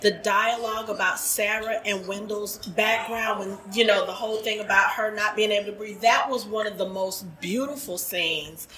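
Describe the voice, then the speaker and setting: A woman's voice: medium pitch, steady tone, moderate pace, few pauses, very noisy. A woman in the audience at a panel, giving an earnest, heartfelt comment. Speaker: audience member. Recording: echoey hall with a loud crowd.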